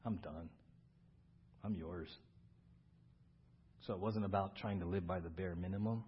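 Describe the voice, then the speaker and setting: Pastor, male, husky voice, earnest, repeats himself, muffled lo-fi church audio. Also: sits low, a little slow, long pauses. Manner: earnest, repeats words for emphasis. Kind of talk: sermon. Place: church service.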